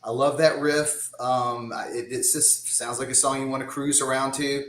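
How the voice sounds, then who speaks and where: A man's voice: mid-range voice, flat delivery, normal speed, a bit bright, echoey room, slight background noise, rough recording. A man in his fifties with a Southern US accent, a guest drummer chatting casually in a rambling way and laughing often. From Georgia, US. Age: 50s. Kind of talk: casual chat.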